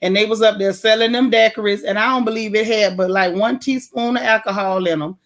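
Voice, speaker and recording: A woman from Florida hosts a casual morning livestream and answers her viewers as she goes. She talks in a blunt, animated way, full of slang, and laughs often. Her voice sits at a medium pitch. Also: fairly quick. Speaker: livestream host. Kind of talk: casual livestream chat reading viewer comments.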